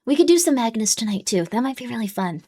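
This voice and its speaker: A woman's voice: sing-song, quick pace, dark tone. A young woman chatting casually and rambling with her viewers during a live stream. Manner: chatty, rambling, coos at her cat in a high baby voice.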